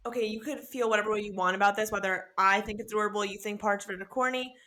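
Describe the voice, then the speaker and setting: A woman's voice: mid-range voice, steady tone, rapid-fire, bright, forceful tone. A young woman co-hosting a casual podcast, retelling a story animatedly with laughs and quoted voices. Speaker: podcast co-host. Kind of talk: casual book-discussion chat.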